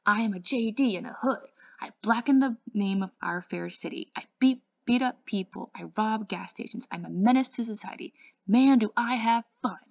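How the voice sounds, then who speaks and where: A woman's voice: medium pitch, normal speed, gravelly, a little mellow, no room sound, lo-fi sound, pitched above the performer's own voice. Sodapop, a woman doing a cocky teen boy. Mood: mocking. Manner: mocking, boastful chant.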